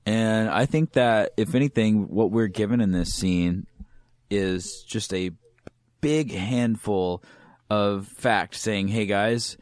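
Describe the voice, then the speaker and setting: A man with a very deep voice hosts a casual podcast discussion. He sounds relaxed as he steers the chat onto new topics, in a dry room. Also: slow, dry recording.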